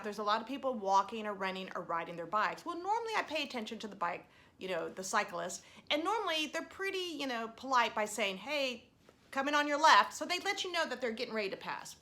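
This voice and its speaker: A middle-aged woman leads children through mindful breathing, counting breaths softly and slowly. Her voice sits fairly high with a bright, clear edge. When she tells stories, she grows animated and expressive. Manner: gentle, storytelling, animated when recounting. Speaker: mindfulness teacher. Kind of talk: guided breathing and lesson for children.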